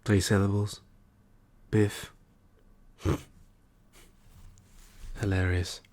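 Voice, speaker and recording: In a whispered ASMR role-play, a man voices a wry trickster god who has become a tired file clerk. He murmurs softly and musingly in a fairly low, unhurried voice with long pauses and little change in pitch.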